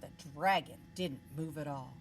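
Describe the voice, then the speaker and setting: A woman teacher reading a picture book aloud to children, stopping to ask them questions in an expressive way. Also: low voice, moderate pace, a little hiss or hum, low-quality recording.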